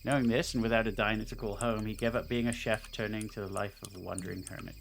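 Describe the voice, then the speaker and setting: A man's voice: fairly low pitch, fairly even intonation, fast talker, creaky, slight background noise. A man, a game developer, chatting casually on a stream and reading a game's story aloud with playful asides. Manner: rambling with fillers, playful asides. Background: game music.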